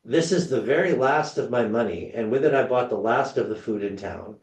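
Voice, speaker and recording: A man voicing a poor widow during a famine, incredulous and sarcastic, in a raised, lively retelling. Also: medium pitch, brisk, echoey room, far from the mic, close to an everyday voice.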